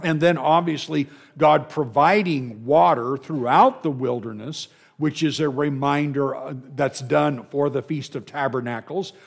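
A man at mid pitch teaches a Bible class, his voice carrying a gravelly edge. He talks through passages in an unhurried way, checks in with the listeners and repeats words as he restarts.

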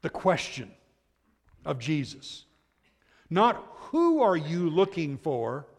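A male pastor preaches in an animated way, rising to loud emphasis and then dropping to near-hushed remarks. His voice is somewhat high and gravelly, and a long reverb trails each phrase as in a large hall. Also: slow. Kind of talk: sermon.

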